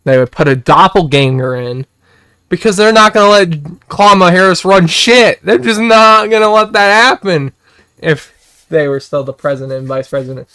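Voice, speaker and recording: Excitable young man ranting to chat. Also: sits high, moderate pace, clear, resonant tone, no room sound, studio quality. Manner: excitable, repetitive, swears and shouts when worked up. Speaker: streamer. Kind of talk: casual political rant to chat.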